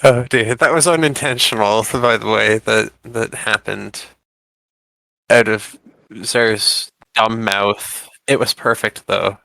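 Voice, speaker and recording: Earnest, polite man playing a tabletop game; bright, gravelly tone, dry sound. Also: lowish voice, steady tone, no room sound, rough recording. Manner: earnest, halting, polite, many restarts. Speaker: player character voice. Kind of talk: tabletop role-play.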